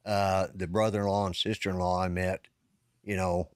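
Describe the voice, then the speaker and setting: A man's voice: deep voice, level tone, normal speed, smooth, no echo, studio quality. A middle-aged or older man, co-hosting a podcast, telling a long rambling story in a casual way, stopping and restarting as he goes. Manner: rambling, self-interrupting storyteller. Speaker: podcast co-host. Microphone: live-stream call setup.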